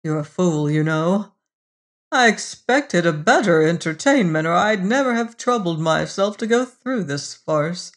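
Fields: figure: a petulant, fussy devil voiced by a narrator. Pace: unhurried. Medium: storybook. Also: medium pitch, lively intonation. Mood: pettish, sly. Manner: fussy and pettish, then mocking. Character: petulant scheming devil with talons. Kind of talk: audiobook reading.

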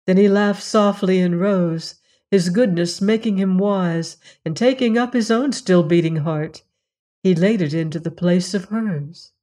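A woman narrating a fairy tale in a measured, solemn storytelling manner. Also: on the low side, warm tone. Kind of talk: storybook reading.

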